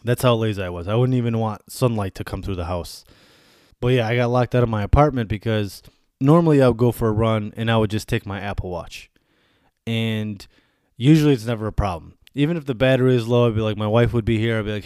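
A man in his thirties hosting a podcast, telling a story as a casual rant, animated and swearing, acting out little quoted asides. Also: fairly low pitch, quick pace, smooth, dry recording, clean studio sound. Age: 30s. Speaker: podcast host.

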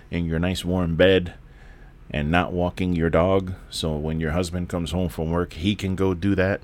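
A man, hosting a candid solo podcast from home in a laid-back, rambling, profane way with lots of restarts. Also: sits low. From the Bronx, New York. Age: 40s. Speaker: podcast host.

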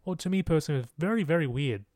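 A young man hosts his podcast in a rambling, casual monologue, swearing freely as he goes. His voice sits a little high for a man. The recording is dry and close, with no room sound. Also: lively intonation, rapid-fire, a little mellow, dry recording. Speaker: podcast host.

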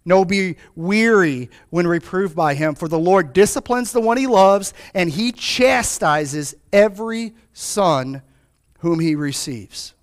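Fervent high-voiced male pastor preaching. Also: slow. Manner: fervent, rises and drops sharply in pitch and volume; calls out to the congregation. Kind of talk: sermon.

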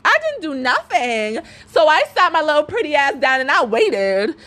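A young woman hosts her own podcast, ranting through a storytime monologue full of cussing and laughter. Her voice sits high and swings widely up and down as she jumps between her own lines and those of the people in the story. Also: sing-song, normal speed, a bit bright. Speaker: podcast host.

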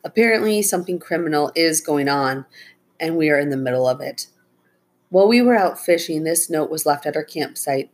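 A woman's voice: low-pitched, animated, brisk. A woman voicing a worried father who speaks in an earnest, serious way.

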